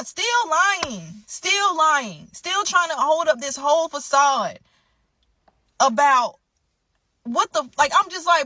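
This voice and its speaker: A young adult woman tells an emotional story straight to her listeners, animated and indignant. Her voice sits a little high and sounds bright and forceful. The recording is dry, with no room sound. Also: a little slow, no echo.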